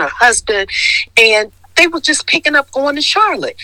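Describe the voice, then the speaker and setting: Bright-voiced woman in her sixties. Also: a little high, brisk, no echo, low-quality recording. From Detroit. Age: 60s. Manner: animated storyteller, acts out quoted voices. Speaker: guest, skincare founder. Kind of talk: casual storytelling interview.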